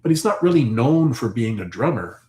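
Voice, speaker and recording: A man's voice: medium pitch, sing-song, normal speed, a little mellow, reverberant. A man hosting his homestead channel, chatting casually and answering viewers' comments in a rambling, thinking-aloud way.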